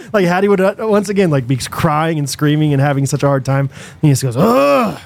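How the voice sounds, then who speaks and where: A young man, co-hosting a podcast, telling a long story in a rambling, animated way full of fillers and restarts. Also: a little high, a little fast, no room sound. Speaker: podcast co-host. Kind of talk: casual storytelling chat.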